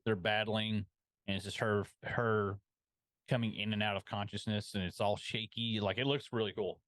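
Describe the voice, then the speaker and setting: A man co-hosting a podcast in casual chat, adding joking asides and quick agreement to his partner's recap. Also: lowish voice, fairly even intonation, a bit bright, no echo. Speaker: podcast co-host.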